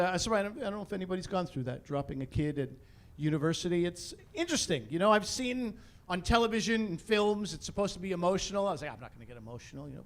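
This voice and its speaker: High-voiced man doing stand-up, exasperated. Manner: animated, exasperated, rising to shouts on punchlines. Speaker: stand-up comedian. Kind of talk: stand-up comedy set. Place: theatre stage before a live audience.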